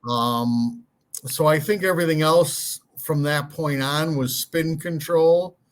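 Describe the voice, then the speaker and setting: Halting man podcast co-host, slightly high. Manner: halting, repeats words, self-deprecating. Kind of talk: casual hockey podcast chat. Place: hotel room.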